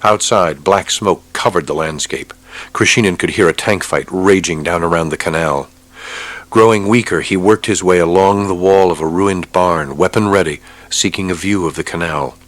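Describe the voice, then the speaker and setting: A man narrating an audiobook with a steady, measured reading. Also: sits low. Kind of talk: scripted narration.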